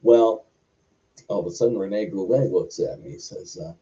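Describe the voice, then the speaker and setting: A wrestler telling a long backstage story in an interview, rambling with many fillers. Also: male voice, on the low side, moderate pace, dark tone. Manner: rambling, filler-heavy anecdotes. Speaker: wrestler guest. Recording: muffled lo-fi recording.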